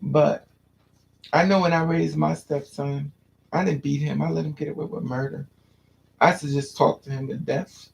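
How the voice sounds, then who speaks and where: A man chatting casually, telling childhood stories in an animated way and acting out the voices of people he quotes. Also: on the high side, moderate pace, vocal fry. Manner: animated storyteller, squeals and acts out quotes. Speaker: podcast host. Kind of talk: casual chat.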